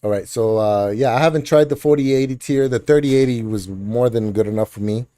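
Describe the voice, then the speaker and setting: A man's voice: medium pitch, fairly quick, mellow, no echo. A man hosting a casual talk show, reading out gaming news and joking around with frequent laughter. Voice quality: laughs often, jokey and rambling. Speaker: podcast host.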